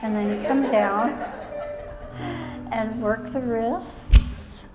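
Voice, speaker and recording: A woman fitness instructor guides a seated exercise routine on stage. Her voice sits a little high, and she speaks slowly and encouragingly in short, calm cues. Music plays under her voice. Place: stage at a live library show. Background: background music.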